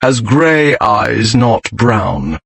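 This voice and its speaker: A man's voice: mid-range voice, measured pace, breathy edge, no echo. A man voicing a bored, scornful lord. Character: grim, bored aristocratic English lord, scornful.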